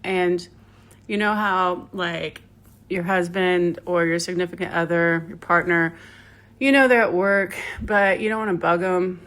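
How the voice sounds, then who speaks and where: A yoga teacher rambles through a story casually, full of fillers and asides to the listener. Her voice is fairly low and a bit bright, with fairly even intonation and a measured pace.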